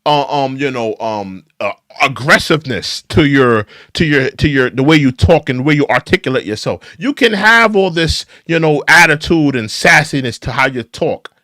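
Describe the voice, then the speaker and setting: A man's voice: mid-range voice, animated, moderate pace, hardly any pauses, sharp tone, dry recording, studio quality. A man hosting an opinion show, giving critical commentary on clips and repeating his phrases for emphasis.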